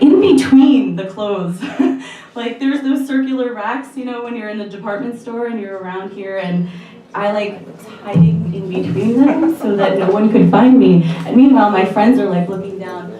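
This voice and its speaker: On stage at a live storytelling night in a bar, a young woman with a mellow, mid-range voice shares a candid, self-deprecating personal story and laughs often. The distant mic catches roomy bar echo plus a little hiss or hum.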